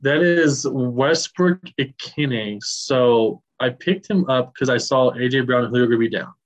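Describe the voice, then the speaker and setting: A man's voice: mid-range voice, unhurried, rough recording. A man co-hosting a casual podcast, swearing freely and ranting about his league mates. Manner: profane, heated ranting. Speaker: podcast co-host.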